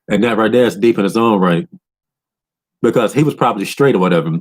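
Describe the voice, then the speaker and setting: A man rants through a video game story in a low, loose voice. He swears freely and breaks into high, excited voices when quoting characters. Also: quick pace, husky. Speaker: gaming commentator. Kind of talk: casual rant recapping a video game.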